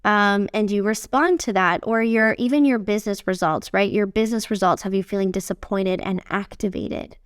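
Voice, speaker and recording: Woman coach hosting a solo podcast, smooth voice, dry close sound, blunt with the odd swear, shifts between quick bursts and slow phrases. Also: mid-range voice, dry recording. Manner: candid and swears freely; lively delivery that swings from fast bursts to slow, stretched phrases. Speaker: podcast host and business coach. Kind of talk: casual solo podcast talk.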